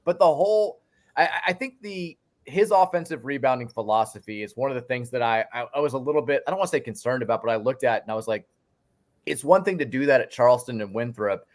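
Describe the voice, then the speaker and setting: A man chatting on a podcast as a guest sports writer, with a mid-range voice. He talks in a lively, animated way and often restarts his sentences. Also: medium pitch, fast talker. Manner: animated storyteller, many restarts. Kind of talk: casual podcast chat.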